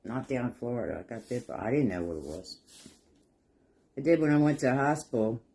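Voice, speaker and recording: A man's voice: medium pitch, animated, brisk, vocal fry, mellow. Rambling folksy middle-aged man. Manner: rambling, folksy, chuckles through stories. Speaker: craft vlogger. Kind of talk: casual storytelling while painting.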